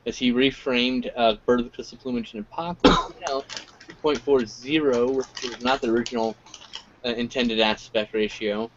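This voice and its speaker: A man's voice: medium pitch, moderate pace, highs cut off, slight background noise. A man co-hosting a casual geek chat, talking loosely with some stammering restarts. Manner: casual, stammers, speaks his mind.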